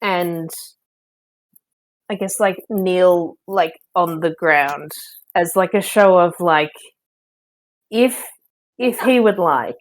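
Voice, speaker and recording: A woman's voice: on the low side, takes it slowly, pauses often, rough recording. A woman player at a tabletop game, hesitant with lots of fillers. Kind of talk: tabletop play.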